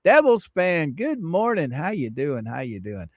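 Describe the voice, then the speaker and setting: A man's voice: a little high, huge pitch swings, a little slow, no echo, lo-fi sound. A man in his fifties hosting a casual livestream, greeting viewers by name in a drawling, teasing, sarcastic way. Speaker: livestream host.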